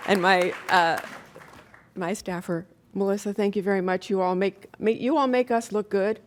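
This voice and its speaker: A woman's voice: medium pitch, normal speed, a faint crowd, slight background noise. A woman chairing a county commission meeting as mayor, speaking in emotional, chatty thank-yous and correcting herself as she goes. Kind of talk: emotional thank-you remarks.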